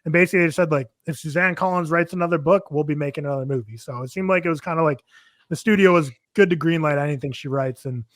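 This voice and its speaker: A man's voice: a little high, fast, dry recording, clean studio sound. A man hosting a casual movie podcast, running animatedly through film news. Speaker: podcast host.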